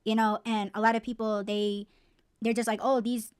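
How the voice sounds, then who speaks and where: A woman's voice: medium pitch, completely flat delivery, moderate pace, clear, resonant tone, dry recording, clean studio sound. Blunt, swearing woman podcast host. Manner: blunt, heated, swears freely. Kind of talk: casual podcast rant.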